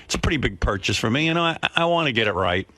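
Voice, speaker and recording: A man's voice: mid-range voice, very animated, racing, bright, forceful tone, no echo. Rambling, exasperated male radio host. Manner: rambling, exasperated, self-deprecating. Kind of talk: talk radio storytelling. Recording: dry studio sound.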